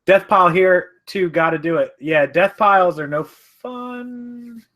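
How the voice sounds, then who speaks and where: A man chats on a live stream from his home office, rambling loosely and correcting himself as he reads out comments. His voice is bright and forceful, sitting slightly above the usual male pitch. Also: unhurried. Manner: rambling, chatty, self-correcting. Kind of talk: casual live-stream chat, reading viewer comments.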